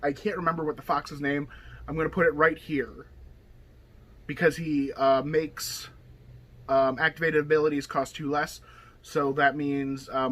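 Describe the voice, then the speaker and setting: A deck tech host talks through his card game deck in a casual hobby video, his voice a little high with a fairly bright tone. He's rambling and chatty, leaning on okay and you know.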